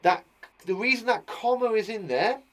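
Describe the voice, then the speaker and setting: A man's voice: high-pitched, moderate pace. A man teaching a children's punctuation lesson online, chatty and playful, with jokes between his explanations. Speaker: primary school teacher.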